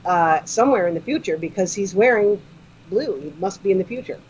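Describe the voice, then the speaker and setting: On a comedy podcast, a female guest chats eagerly and explains fan trivia in a mid-range voice that's animated, slightly quick and a touch mellow. The casual conversation comes through with dull lo-fi sound and faint noise.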